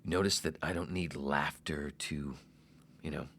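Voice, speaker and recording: A man in his forties hosting a solo comedy podcast, brash and self-mocking, swearing freely and swinging between loud bursts and whispers. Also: rumbling low, steady tone, unhurried, slight background noise. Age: 40s. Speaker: podcast host.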